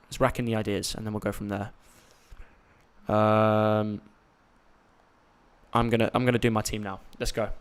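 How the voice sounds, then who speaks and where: A man's voice: fairly low pitch, little pitch movement, moderate pace, long pauses, smooth. A young man, hosting a casual live stream and chatting in a rambling, jokey way. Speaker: YouTube host.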